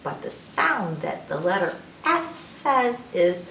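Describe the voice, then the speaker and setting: A woman reading an alphabet picture book aloud to children, with drawn-out letter sounds. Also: mid-range voice, big pitch swings, gravelly, fairly bright tone, roomy sound, recorded from a distance, a little hiss or hum, poor audio. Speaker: librarian storyteller.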